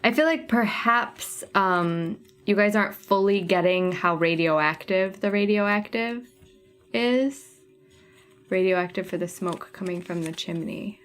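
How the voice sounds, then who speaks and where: A woman's voice: mid-range voice, a little slow, fairly bright tone, soft background music. A woman hosting a casual craft livestream, chatting with viewers and thinking aloud as she sorts thread colors. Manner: chatty, thinking aloud while sorting flosses. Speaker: cross-stitch livestream host.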